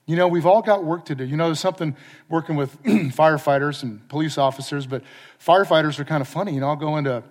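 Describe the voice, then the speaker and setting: A man preaching in a church, pitched a touch higher than most men. He tells a story with animated energy, acting out his own quoted lines. His voice carries a long hall reverb. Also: fast. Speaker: pastor and fire chaplain. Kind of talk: storytelling sermon.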